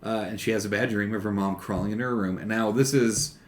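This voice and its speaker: A man with a fairly low voice co-hosts a casual movie podcast. He walks through the plot in steady steps and fills gaps with "uh". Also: quick pace. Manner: steady plot summarizing with fillers. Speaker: podcast co-host. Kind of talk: casual movie review chat.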